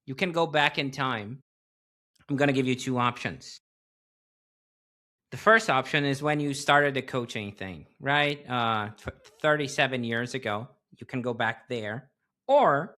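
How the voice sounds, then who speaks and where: Man, podcast host, bright tense timbre, middle pitch, playful banter. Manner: playful, joking. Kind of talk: casual interview chat.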